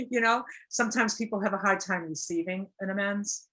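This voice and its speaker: A woman's voice: mid-range voice, a little fast, sharp tone. A woman giving a casual teaching talk on recovery, earnest and plain, acting out little example quotes as she goes. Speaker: recovery speaker.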